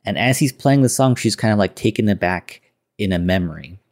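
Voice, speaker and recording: A man's voice: on the low side, lively intonation, brisk, darkish tone. Man casually recapping an old film. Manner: loose retelling with quoted lines and filler words. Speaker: podcast host.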